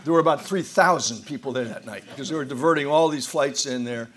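A man's voice: mid-range voice, fast talker. A man in his sixties or older from the United States, telling humorous stories to an audience in a wry, self-deprecating way, often restarting his sentences. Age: 60s or older. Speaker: speaker at a roundtable. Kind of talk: humorous storytelling speech. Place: event hall before an audience.

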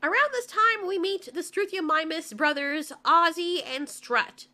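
A woman talks through a cartoon film recap in a sarcastic, joking way. Her voice is very high and bright. She keeps it casual, like chatting to viewers. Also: unhurried, slight background noise. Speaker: video reviewer.

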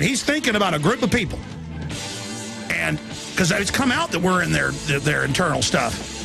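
A man hosting a radio talk show delivers a fiery political monologue, ranting, mocking opponents and slipping into impressions. His voice sits high and sounds gravelly, pushed and bright.

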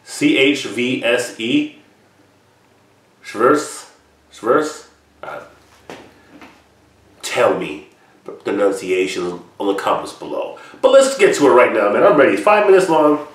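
A man's voice: mid-range voice, big pitch swings, unhurried. A man hosting a reaction channel, talking casually with a lot of swearing and rambling asides, alone in a room. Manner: profane, rambling, upbeat. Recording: roomy echo, mic at a distance.

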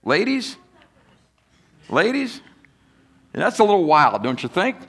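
A pastor preaches fast in a gravelly, rather high, sing-song voice with a bit of brightness. He talks conversationally, poses questions to the congregation, and acts out the voices of critics in quotes.

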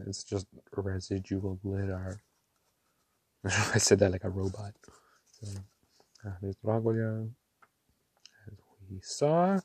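A man gushing over ink swatches in a casual vlog, excitable and quick to laugh. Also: lowish voice. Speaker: ink reviewer. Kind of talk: casual show-and-tell vlog. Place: small home room.

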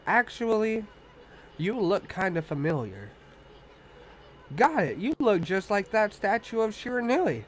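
A man's voice: sits high, very animated, a little slow, pauses often, a little hiss or hum, low-quality recording. A man voicing a boastful tiny male wandering artist, reading game dialogue aloud in a brash, cocky manner.

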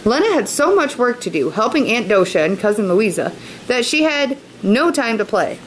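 A woman's voice: fairly high pitch, big pitch swings, moderate pace, a little hiss or hum, rough recording. A woman teacher at home reading a novel aloud to her students, stopping for chatty asides that explain words. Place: at home, kitchen nearby.

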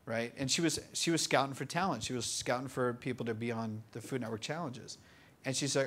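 A man in his twenties telling stories in a casual interview, animated, full of fillers and laughing often. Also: medium pitch, fairly quick. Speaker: interview guest. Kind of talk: casual storytelling. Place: bookstore event.

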